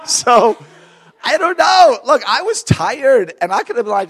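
A man preaching a sermon through storytelling, fervent and animated, laughing between points. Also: very high-pitched, takes it slowly, pauses often, slightly rough.

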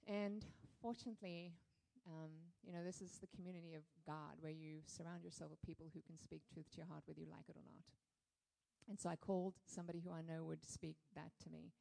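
Warm, gravelly-voiced woman sharing testimony. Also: low-pitched, brisk, low-quality recording. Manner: candid, animated storytelling with many fillers. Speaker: guest speaker sharing testimony. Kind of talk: church testimony.

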